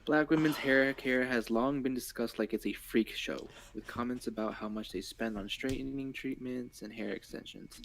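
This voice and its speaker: A man's voice: medium pitch, steady tone, moderate pace, few pauses, slight background noise, rough recording. A man on a casual chat stream who reads news quotes aloud and comments offhand.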